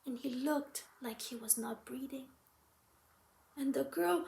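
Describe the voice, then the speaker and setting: Woman storyteller; high, slow, whispery fairy-tale telling, roomy echo. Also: vocal fry, a little mellow. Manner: slow, dramatic, drops often into a whisper.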